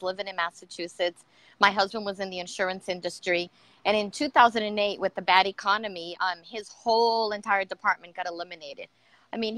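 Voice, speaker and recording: A woman's voice: mid-range voice, sharp tone, no echo. A middle-aged woman, a guest entrepreneur, telling her personal story in an earnest, emotional way with many fillers.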